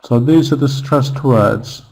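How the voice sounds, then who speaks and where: A man's voice: mid-range voice, slow, vocal fry, a little mellow, low-quality recording. A man teaching an online English grammar class, patiently repeating example phrases and checking in with questions.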